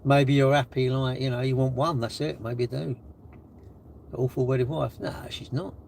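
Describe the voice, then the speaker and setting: A man's voice: mid-range voice, steady tone, moderate pace, creaky, a little mellow, a little hiss or hum. An older man hosting a casual livestream, teasing viewers and bantering in a cocky way as he reads their chat messages. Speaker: livestream host reading chat. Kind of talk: casual live-stream chat.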